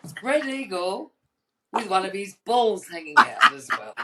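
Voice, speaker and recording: A woman's voice: medium pitch, very animated, normal speed, heavy background noise. An Australian woman co-hosting a podcast, telling blunt, cheeky stories in a casual chat over a video call. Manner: chatty storyteller, blunt and cheeky. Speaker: podcast co-host.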